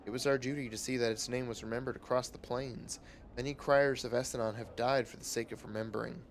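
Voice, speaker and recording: A man voicing a hoarse, grieving male holy crier who speaks in a slow, solemn way. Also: medium pitch, fairly even intonation, slight background noise, natural voice. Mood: mournful.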